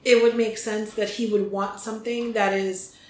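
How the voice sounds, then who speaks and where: A woman's voice: mid-range voice, little pitch movement, moderate pace. A woman co-hosting a podcast from the United States, talking in a chatty, casual way with ums and restarts. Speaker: podcast co-host. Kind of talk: casual chat. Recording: echoey room with faint noise.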